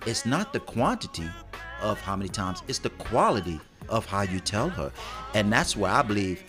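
Man co-host, lowish voice, animated delivery, faint music behind. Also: moderate pace. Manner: animated, acts out quotes with big pitch jumps. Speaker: podcast co-host. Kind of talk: casual relationship talk.

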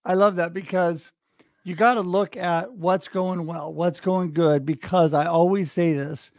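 A man with a fairly high voice hosts a conversational interview. He responds to his guest with enthusiasm and affirmation. The sound is dry and close. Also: steady tone, unhurried, no room sound. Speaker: podcast host.

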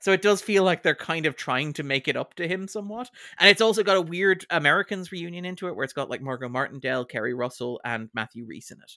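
A man's voice: fairly high pitch, quick pace, hardly any pauses, bright, forceful tone, dry recording, clean studio sound. A man co-hosting a podcast in casual chat, talking with enthusiasm, laughing often and using many fillers. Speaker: podcast co-host.

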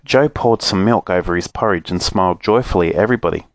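A man reading a children's storybook aloud, lively and expressive. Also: deep voice, fast.

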